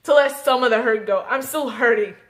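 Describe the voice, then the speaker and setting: A young woman vlogging a personal story, emotional and halting, tearful and repeating herself. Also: on the high side. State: tearful, crying at times.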